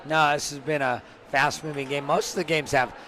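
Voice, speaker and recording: A hoarse man adding casual color commentary to a hockey broadcast, with dry, amused asides. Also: on the high side, fairly even intonation, brisk. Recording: rink commentary with loud arena noise.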